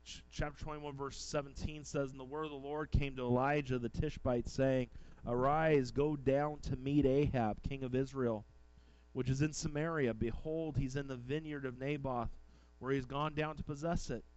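A man's voice: mid-range voice, steady tone, moderate pace, a little mellow, clean tone, lo-fi sound. A male pastor preaching a sermon, reading old-fashioned scripture aloud and then exhorting his congregation.

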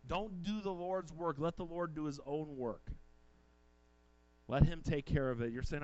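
A man's voice: a little high, moderate pace, a little mellow, lo-fi sound. A male pastor preaching a sermon, reading old-fashioned scripture aloud and then exhorting his congregation.

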